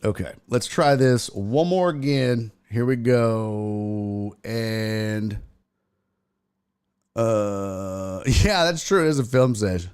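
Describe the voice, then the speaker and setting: A man's voice: on the low side, takes it slowly, darkish tone, clean tone. A man hosting a sports talk livestream, chatting casually in a rambling, profane way and laughing often. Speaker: sports show host.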